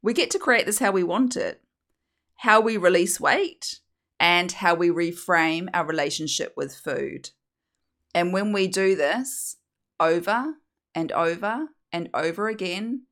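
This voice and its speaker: A woman's voice: lowish voice, a bit bright. A woman hosting a solo coaching podcast, chatty and encouraging, slipping into playful voices now and then. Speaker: podcast host and weight-release coach.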